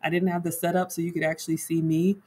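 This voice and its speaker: Chatty husky-voiced woman vlogger. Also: fairly low pitch, flat delivery, quick pace, a little mellow, rough recording. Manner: chatty, reads viewer comments aloud, says "y'all". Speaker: home cook vlogger. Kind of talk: casual livestream cooking walkthrough.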